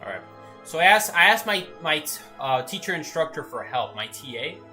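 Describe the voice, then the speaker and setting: A young adult game streamer telling stories in casual chat, animated and often asking "right?". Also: medium pitch, normal speed, soft background music. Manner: animated storyteller, tags lines with "right?". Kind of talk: casual chat while gaming.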